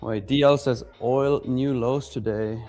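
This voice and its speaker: A man's voice: mid-range voice, fairly even intonation, measured pace, dark tone, faint music behind. Upbeat male stream co-host. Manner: upbeat, addresses chat, short reactions. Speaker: live trading stream co-host. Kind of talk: casual chat with viewers.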